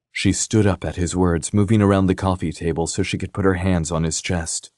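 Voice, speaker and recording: A man with a low voice reads an audiobook as scripted narration, keeping his storytelling measured and even. The recording is dry and of studio quality.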